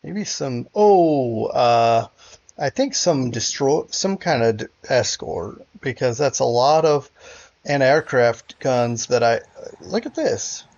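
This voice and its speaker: A man's voice: medium pitch, slow pace, darkish tone, no room sound, muffled recording. A man casually commentating a strategy game, hesitant and frustrated, with many fillers and restarts. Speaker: gameplay commentator.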